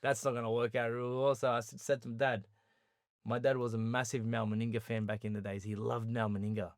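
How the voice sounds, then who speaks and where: Animated Australian man telling stories. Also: mid-range voice, brisk, no room sound, clean studio sound. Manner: animated storyteller who acts out quoted dialogue. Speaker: podcast guest. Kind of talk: storytelling interview.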